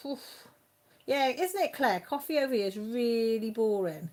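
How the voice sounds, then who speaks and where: A woman's voice: a little high, animated, a little slow, a little mellow. Chatty woman reading live chat. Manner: chatty, laughs often, answers viewers by name. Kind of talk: casual live-stream chat.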